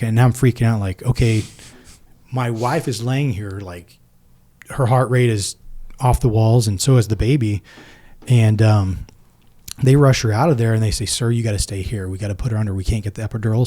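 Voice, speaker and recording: Mellow low-voiced man telling a story. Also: brisk. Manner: retells events by acting out both sides of conversations. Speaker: podcast guest, military veteran. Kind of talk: personal storytelling in a podcast interview.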